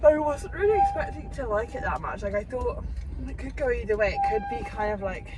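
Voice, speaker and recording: A woman's voice: on the high side, huge pitch swings, fairly quick. A young woman vlogging from her car, rambling chattily and swearing casually. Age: young adult. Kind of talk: casual vlog chat. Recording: noisy car interior. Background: car and road noise.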